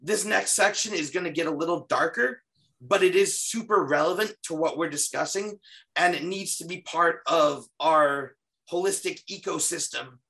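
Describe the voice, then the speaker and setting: A man's voice: a little high, moderate pace, vocal fry, sharp tone. A man who investigates the paranormal, talking through his case footage on a podcast in an earnest, casual way, with a lot of restarts. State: slightly losing his voice.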